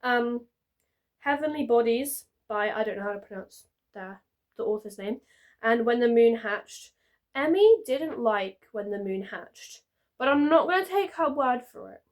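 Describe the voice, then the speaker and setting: A young woman chats to camera from her bed, her voice sitting a touch higher than most. She rambles on in a loose, self-interrupting way, talking about her reading. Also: expressive, unhurried. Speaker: reading vlogger. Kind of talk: casual chat to camera. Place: at home, sitting on a bed with pillows.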